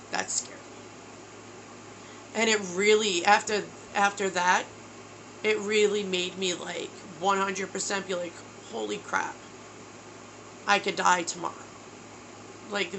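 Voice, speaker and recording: Gravelly-voiced woman in her thirties, candid. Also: medium pitch, noisy background. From New York. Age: 30s. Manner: candid, emotional, says bro. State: tearful, exhausted. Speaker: vlogger. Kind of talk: personal video diary.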